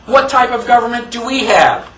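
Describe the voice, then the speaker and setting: A man with a high voice gives an emphatic classroom lecture and keeps asking his listeners rhetorical questions. He sounds distant from the microphone, and the room around him echoes. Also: expressive, moderate pace, sharp tone. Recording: echoey room, mic far off.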